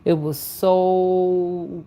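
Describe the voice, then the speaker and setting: Woman host, spiritual reader on a livestream: soothing, melodic, lowish voice, slow, unhurried delivery. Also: level tone, warm tone, a little hiss or hum. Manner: unhurried, talks to viewers by name, folksy asides. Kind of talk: casual livestream chat.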